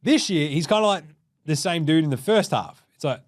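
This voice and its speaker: A man's voice: fairly high pitch, expressive, a little fast. A young man hosting a basketball show, rambling and swearing as he acts out players in silly voices. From Australia. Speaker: basketball podcast host. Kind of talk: casual sports commentary.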